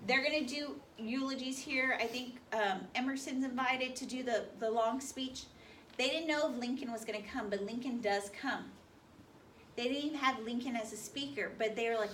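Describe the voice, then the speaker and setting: A woman with a fairly high voice and fairly bright tone teaches a history class at a moderate pace, reading a speech aloud and firing questions at her students. The lecture is recorded from far off with slight noise.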